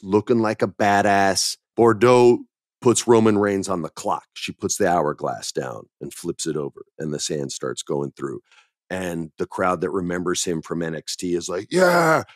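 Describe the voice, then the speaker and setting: Man, deep low voice, podcast host, casual chat, emphatic storyteller, dry close sound. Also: a little slow, dry recording.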